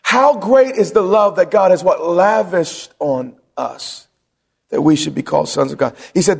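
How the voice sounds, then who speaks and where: Male pastor, high voice, call-and-response preaching, long church-hall reverb. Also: unhurried, gravelly, husky. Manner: preaching with call-and-response questions, rising to shouts. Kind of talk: sermon.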